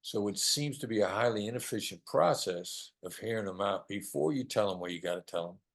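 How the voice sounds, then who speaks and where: An older man with a low voice gives practical advice as an interview guest. He stresses his points and circles back to repeat the key phrases. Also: lively intonation, brisk, creaky. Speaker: negotiation expert guest.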